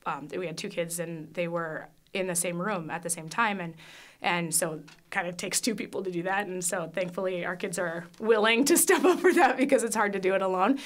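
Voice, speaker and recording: A woman's voice: fairly low pitch, a little fast. A foster mother giving a candid, emotional faith testimony, with frequent fillers and restarts. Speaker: foster parent.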